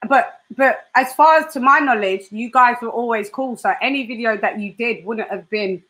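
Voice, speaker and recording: A woman hosts a casual interview, her voice sitting a little high for a woman. She talks in an animated way, laughs a lot and acts out little quotes as she goes. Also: moderate pace.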